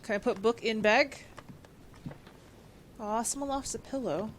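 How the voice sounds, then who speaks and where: Excitable woman streamer, high voice. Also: measured pace, slight background noise. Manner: excitable, chatty, reads on-screen text aloud. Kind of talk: casual gameplay commentary.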